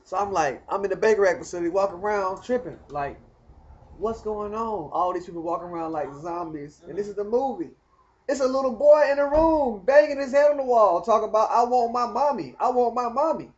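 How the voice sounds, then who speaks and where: A man telling a rambling personal story in casual, animated talk. He speaks straight to the viewer and keeps asking whether they follow. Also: sits high, a little fast, highs cut off. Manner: animated, talks straight to the viewer, keeps asking "you know what I mean". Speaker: vlogger telling his story.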